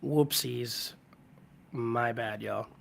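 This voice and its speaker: A man with a cold talks through a relaxed live-stream chat from his home, his hoarse voice held low to spare it. There's a gravelly edge to his mid-pitched tone, and he rambles easily between viewers' names and stories. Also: drawn-out words, slight background noise. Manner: rambling, greets viewers by name. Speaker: livestream host. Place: at home with hardwood floors.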